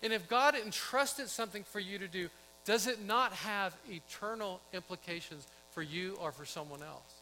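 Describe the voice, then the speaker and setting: A man's voice: sits high, normal speed, pushed and bright, long reverb tail, a little hiss or hum, poor audio. A man pastor preaching a conversational sermon, asking his congregation questions and acting out quotes.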